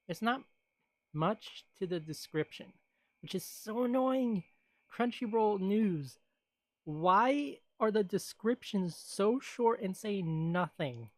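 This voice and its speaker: Streamer, casual chat, rambling, laughs and sighs often, slow pace, dry close sound. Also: medium pitch, no room sound.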